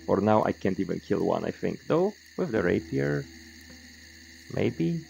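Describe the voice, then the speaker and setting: A man's voice: lowish voice, sing-song, measured pace, vocal fry, warm tone, slight background noise, low-quality recording. A man streaming a game and chatting casually, rambling, correcting himself and swearing offhand. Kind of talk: casual gameplay commentary.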